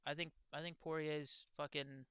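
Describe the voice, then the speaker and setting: A young man streaming, chatting casually and excitedly, swearing freely and talking to his viewers. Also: fairly high pitch, moderate pace, clean tone, no echo. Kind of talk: casual livestream chat.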